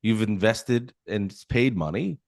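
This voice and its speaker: A man's voice: fairly low pitch, unhurried, gravelly, no room sound, studio quality. A man co-hosting a sports podcast, recapping plays in detail. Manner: explains and recaps plays in detail, with frequent restarts. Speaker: podcast co-host. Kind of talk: casual sports chat.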